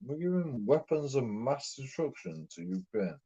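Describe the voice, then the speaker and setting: In a profane ranting monologue, an English streamer rambles and repeats himself while swearing constantly. He speaks at normal speed in an expressive, medium-pitched voice that's warm with a breathy edge. It's captured in a dull, lo-fi recording.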